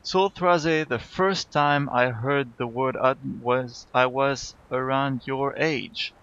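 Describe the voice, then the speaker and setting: A man's voice: mid-range voice, fairly even intonation, slow, a bit bright, clear, resonant tone, muffled recording. Man reading as a scarred old warrior. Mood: solemn. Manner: solemn storytelling. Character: scarred old human warrior telling a grim tale.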